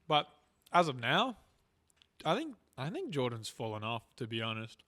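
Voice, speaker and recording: A man's voice: mid-range voice, wildly swooping pitch, moderate pace, sharp tone. Young man musing in casual chat. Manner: reflective, heavy use of "like" and "you know".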